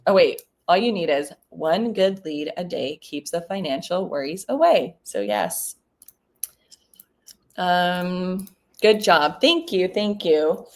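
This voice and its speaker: A woman real estate broker chatting casually in a vlog between cold calls, relaxed and full of ums. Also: lowish voice, takes it slowly.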